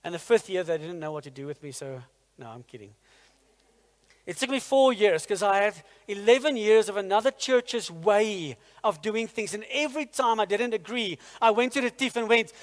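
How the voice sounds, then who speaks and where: A man preaching a sermon in a church, energetic and firing rhetorical questions at the congregation. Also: high voice, moderate pace. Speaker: pastor. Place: church hall. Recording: long hall reverb in a church.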